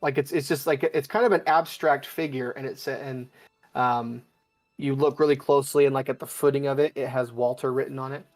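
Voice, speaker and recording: A man at an ordinary middle pitch narrates a tabletop game as its game master. He describes each scene haltingly, circling back and restarting. A little music sits quietly behind him. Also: fairly even intonation. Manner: halting, with many restarts and fillers.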